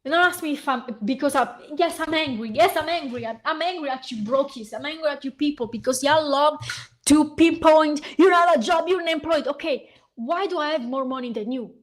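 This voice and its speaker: High-pitched woman ranting angrily. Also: a little fast. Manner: heated, profane, ranting while reading aloud. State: hoarse. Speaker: vlogger. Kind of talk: angry reaction rant.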